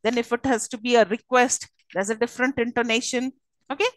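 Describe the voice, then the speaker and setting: A woman's voice: fairly high pitch, steady tone, fairly quick, no echo, poor audio. A woman with an Indian English accent giving a university lecture on phonetics, with many fillers and frequent checking questions to the class.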